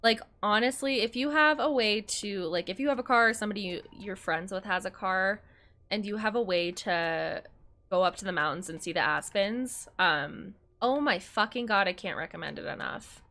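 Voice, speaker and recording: A woman's voice: mid-range voice, moderate pace, bright, forceful tone. A young woman streaming a game, chatting casually with viewers, bubbly and swearing freely as she plays. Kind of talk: casual livestream chat while playing.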